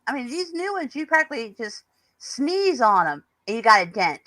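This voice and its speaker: A woman's voice: on the high side, very animated, moderate pace, sharp tone, no echo, low-quality recording. A woman in her fifties chatting casually as a guest, telling stories in a talkative way. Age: 50s. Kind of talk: casual chat.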